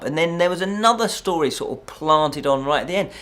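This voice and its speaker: A man reviewing a film in a casual chat, animated and exasperated, repeating points for emphasis. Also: fairly high pitch, fast talker, few pauses. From United Kingdom.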